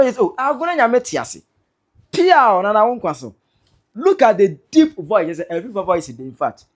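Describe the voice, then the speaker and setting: A woman with a Ghanaian accent gives an excitable, teasing commentary, reading out viewer comments. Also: mid-range voice. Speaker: online commentator. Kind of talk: animated commentary vlog.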